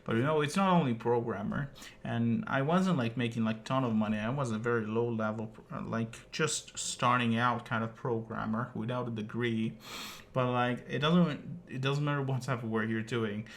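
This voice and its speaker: A man's voice: medium pitch, fairly even intonation, normal speed. A male streamer telling a personal story in a casual, rambling way, full of filler words and the odd curse.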